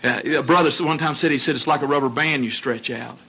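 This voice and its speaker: A man giving a sermon, telling stories in an animated way and putting questions to his listeners. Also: mid-range voice, quick pace, breathy edge. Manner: animated storytelling, acts out dialogue, asks the audience questions. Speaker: congregation speaker.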